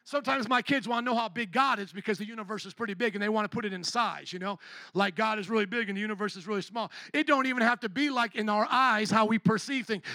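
Male pastor, high bright voice, call-and-response preaching style. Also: no echo. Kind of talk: sermon.

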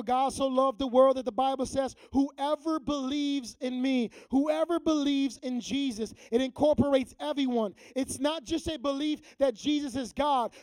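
Man, youth pastor, very high voice, casual slangy preaching, dry close sound. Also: smooth, dry recording, rough recording. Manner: conversational preaching, drops to a hushed prayerful tone; slangy street talk mixed with scripture. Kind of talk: sermon.

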